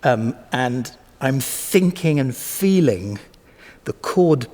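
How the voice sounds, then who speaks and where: A man's voice: mid-range voice, lively intonation, takes it slowly, darkish tone. A man teaching music to camera, musing aloud with many ums and self-corrections and sounding out rhythms with syllables, playing a cello between phrases. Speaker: cellist and teacher. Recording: long hall reverb with cello.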